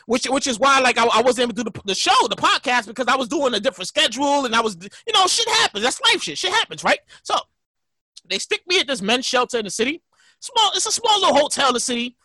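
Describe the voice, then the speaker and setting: A man hosting a casual podcast, profane and animated, telling stories and laughing often. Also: extremely high pitch, fast talker, no room sound, studio quality. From New York. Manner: storytelling with loud mock reenactments. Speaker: podcast host.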